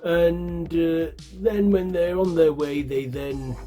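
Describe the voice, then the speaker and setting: A man's voice: a little high, steady tone, slow, warm tone, faint music behind. Rambling Yorkshire man reviewing a film. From Yorkshire, England. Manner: rambling, with fillers and self-corrections. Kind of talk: casual spoken film review.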